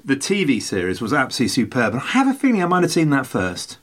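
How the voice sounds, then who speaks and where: A man's voice: mid-range voice, huge pitch swings, quick pace, a bit bright. An older man hosting a podcast, chatty and playful, rambling through stories in casual conversation. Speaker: podcast host. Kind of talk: casual chat.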